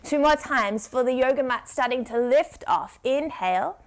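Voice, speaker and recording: A woman's voice: high-pitched, expressive. A woman guiding children through a yoga story, playful and encouraging, asking them questions and drawing out her instructions. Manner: slow, drawn-out instructions. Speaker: kids yoga teacher.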